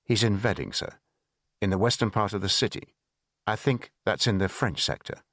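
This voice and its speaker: A man's voice: lowish voice, animated, moderate pace, a bit bright, no room sound, studio quality. A man voicing a confident male German police officer who speaks politely and deferentially.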